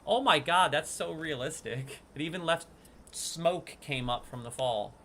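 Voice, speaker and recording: A man giving casual gameplay commentary as a streamer, excitable, swinging from hushed sneaking talk to loud outbursts. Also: a little high, a little slow, slight background noise. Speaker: gaming streamer.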